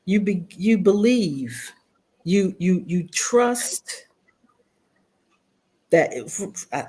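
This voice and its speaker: Earnest woman guest on talk radio; slow, low-set, motivational delivery. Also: darkish tone. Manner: earnest, repeats words, motivational. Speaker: guest speaker. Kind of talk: radio interview answers.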